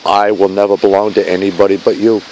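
A man's voice: lowish voice, level tone, fast, darkish tone, a little hiss or hum. A man recording a heartfelt video message to his fiancée outdoors in a snowy park at night, speaking in an earnest, pleading way with repeated vow-like lines. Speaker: vlogger addressing his fiancée.

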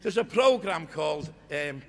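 An older man giving an impassioned storytelling speech at a union conference, earnest and swinging from hushed to loud. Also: a little high, expressive, a little slow. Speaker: guest speaker at a union conference. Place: conference hall. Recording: long reverb of a conference hall.

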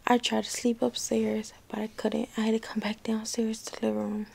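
A woman's voice: fairly high pitch, monotone, a little fast, creaky, a little mellow, slight background noise. A young woman in pain after surgery, whispering a late-night vlog into her phone in her living room, weary, sighing and out of breath. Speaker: vlogger.

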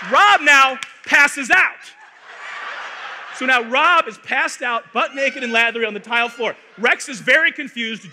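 High bright guy from arizona telling a funny story on stage, lively and playful, big echoey hall. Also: slight background noise. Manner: animated, playful, building comic tension. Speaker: conference speaker. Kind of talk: comic storytelling talk. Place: large conference hall.

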